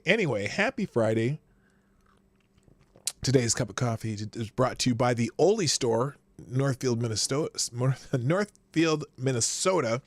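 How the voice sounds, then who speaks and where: A man's voice: mid-range voice, fairly bright tone, dry recording. A man hosting a casual live show, rambling and chuckling, with lots of fillers and restarts. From upper Midwest of the United States. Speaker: host.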